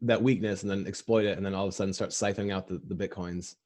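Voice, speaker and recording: His deep, slightly mellow voice races along with fairly even intonation as he hosts a podcast. He's a conversational storyteller who restarts lines, leans on fillers, and mimics people from his stories.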